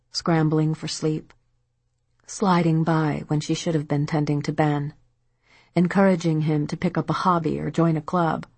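A woman narrates a novel in a calm, even storytelling manner. Her voice is low and husky. The recording is dry and close, with no room sound. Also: no room sound. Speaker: audiobook narrator. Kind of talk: scripted narration.

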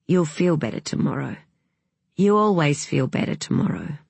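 A narrator doing a wry teasing husband. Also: male voice, fairly high pitch, very animated, normal speed, gravelly, husky, no echo, exaggerated voice. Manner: dry sarcasm.

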